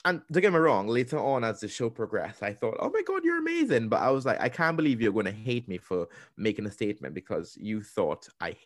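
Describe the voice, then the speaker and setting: A young man co-hosting a podcast, chatting in a lively way, acting out what people said and restarting his sentences. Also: fairly low pitch, brisk, few pauses, no echo, studio quality. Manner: animated storytelling, acting out quotes with restarts. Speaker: podcast co-host. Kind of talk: casual interview chat.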